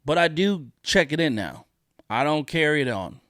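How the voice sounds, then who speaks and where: A man's voice: on the high side, big pitch swings, normal speed, a bit bright, no echo. A man hosting a solo podcast, ranting in a profane, indignant way and repeating his points for emphasis. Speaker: podcast host.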